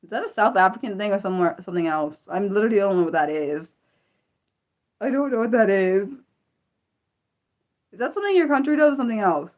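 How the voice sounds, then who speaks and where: An American woman chats through a casual livestream in a lively voice that swings high and low. She talks excitably, breaks off her sentences to start again, and blurts out exclamations and the odd curse. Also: fairly quick, pauses often. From United States. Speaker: livestream host. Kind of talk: unscripted livestream chat reading viewer comments.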